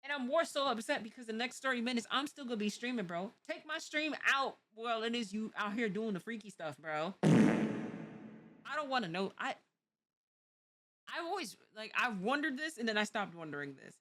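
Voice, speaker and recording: A woman's voice: a little high, animated, a little fast, sharp tone. A woman streamer reacting live in a casual, exasperated way, repeating herself for emphasis.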